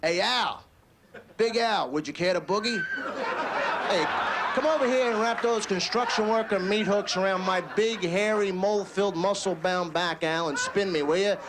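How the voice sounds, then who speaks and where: A man's voice: high voice, normal speed, very noisy, lightly acted. A man voicing a burly straight man who pleads with his buddy to dance, in an overblown stand-up bit. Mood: pleading. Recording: live comedy club with crowd laughter.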